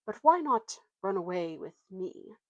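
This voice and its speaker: A woman's voice: mid-range voice, big pitch swings, unhurried, dry recording, dull audio. A woman voicing a proud male talking warhorse, haughty and lofty, drawing out her words.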